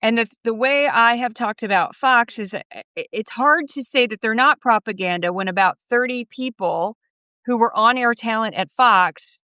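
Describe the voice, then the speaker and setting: A middle-aged woman chatting as an interview guest over her phone, animated and quick with laughing asides. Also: a little high, clear, resonant tone, dry recording. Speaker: podcast guest. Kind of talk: casual interview chat.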